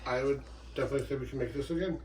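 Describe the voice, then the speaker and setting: A man taste-testing a dish in a home kitchen, making relaxed offhand comments. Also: medium pitch, very fast, slight background noise. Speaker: family taste tester. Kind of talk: casual kitchen chat.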